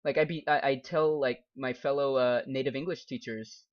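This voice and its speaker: A man's voice: mid-range voice, fairly quick, few pauses. Chatty young man streaming a game. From United States. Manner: chatty, reads viewer comments aloud, laughs often. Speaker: game streamer and English teacher. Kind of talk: casual live-stream chat while gaming. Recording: dull lo-fi stream audio.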